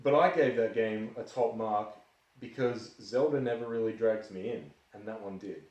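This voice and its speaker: An Australian man giving blunt, dismissive verdicts on games, sometimes halting mid-sentence. His mid-pitched voice sounds distant from the mic, with a roomy echo around it. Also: a little mellow, highs cut off. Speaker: co-host. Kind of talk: casual review chat. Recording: echoey room, far from mic.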